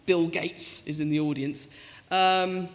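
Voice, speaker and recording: Woman in her fifties, professor telling comic stories on stage in a big reverberant hall, animated and self-mocking. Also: lowish voice, takes it slowly. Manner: lively, self-mocking, acts out quoted voices. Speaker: professor giving a talk. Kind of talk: storytelling talk with comic asides. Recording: lecture hall with long reverb.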